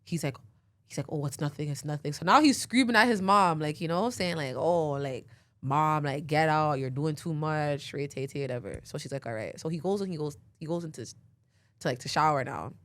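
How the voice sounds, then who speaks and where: A woman's voice: low voice, fairly quick, a bit bright, no echo. A young woman, hosting a podcast and telling a long story in a rambling, filler-heavy way with frequent laughs. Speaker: podcast host. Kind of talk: casual storytelling.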